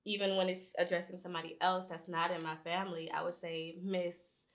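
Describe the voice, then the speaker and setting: A soft-spoken young woman co-hosting a podcast in relaxed casual chat. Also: on the low side, a little fast. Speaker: podcast co-host.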